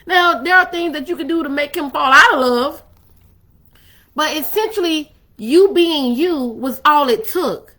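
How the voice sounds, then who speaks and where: A woman's voice: high voice, a little slow, pushed and bright. A woman hosting a faith-based talk on love and relationships, speaking in a conversational, emphatic, preacherly way. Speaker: ministry host.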